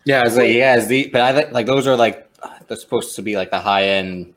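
A man's voice: medium pitch, steady tone, fairly quick, a bit bright. A man joining a live podcast chat, talking hesitantly with many "like"s. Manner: hesitant, lots of "like". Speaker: podcast guest.

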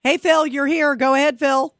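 A woman's voice: high-pitched, steady tone, normal speed, no echo, clean studio sound. A woman hosting a call-in radio talk show, chatting with callers in a conversational way with plenty of fillers. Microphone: studio microphone.

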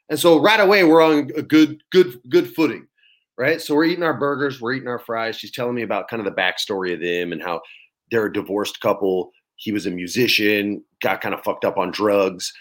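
A man, an actor, telling a story in casual chat, lively and swearing freely as he acts out quotes. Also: lowish voice, fairly quick. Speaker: actor guest.

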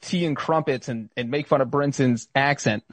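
A man's voice: medium pitch, moderate pace, no echo. A man hosting a podcast, talking sports in a dry, matter-of-fact way and quizzing his co-hosts. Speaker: podcast host. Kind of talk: casual sports chat.

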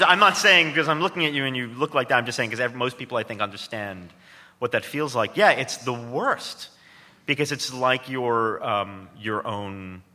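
A man speaks as an interview guest, wry and self-mocking, often stumbling and restarting as he talks. His voice is very bright and sharp-edged at a middling pitch. The sound carries the long tail of a reverberant hall. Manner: self-deprecating, joking, with restarts. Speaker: author and guest. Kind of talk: interview conversation. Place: stage before an audience.

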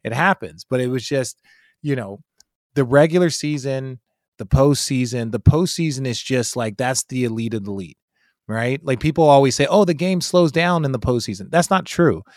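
A man hosting a casual sports chat, talking in an animated, emphatic way and swearing freely. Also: mid-range voice, normal speed, no room sound, clean studio sound.

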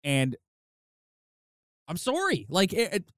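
A man co-hosting a casual sports podcast. He rants in heated, quick bursts. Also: high voice, wildly swooping pitch, a bit bright, dry recording, clean studio sound. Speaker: podcast co-host.

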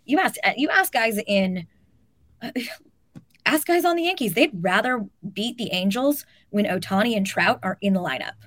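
A woman's voice: fairly high pitch, expressive, a little slow, fairly bright tone, no room sound. A woman co-hosting a casual sports talk show, speaking emphatically and peppering her points with "like". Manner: emphatic, talks with filler "like". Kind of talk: casual opinionated chat.

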